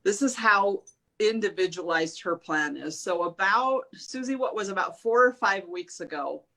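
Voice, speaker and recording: A woman chatting casually, telling personal stories in an animated way and acting out her own and others' lines. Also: mid-range voice, normal speed. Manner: animated storyteller, quotes herself and others. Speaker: guest sharing a diet journey. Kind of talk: casual chat.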